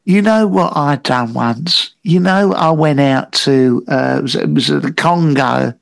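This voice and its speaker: A man co-hosting a comedy podcast, telling halting, rambling anecdotes full of fillers. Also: a little high, vocal fry, dry recording. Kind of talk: improvised comedy chat.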